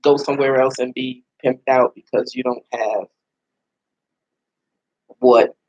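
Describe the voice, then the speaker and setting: A middle-aged woman as a radio show guest, talking in a rambling, animated way with many restarts and laughs. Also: rumbling low, measured pace, lo-fi sound. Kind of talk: casual heartfelt radio conversation.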